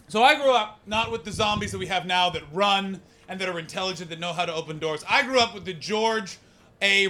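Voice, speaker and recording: An American man doing stand-up with crowd work, brash and profane, switching between muttered asides and loud rants in a comedy club. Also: high-pitched.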